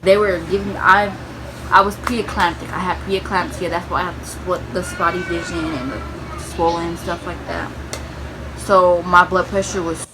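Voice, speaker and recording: A woman's voice: lowish voice, moderate pace. Young woman vlogger, casual storytime delivery, noise behind her. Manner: animated retelling, quoting others in raised voices.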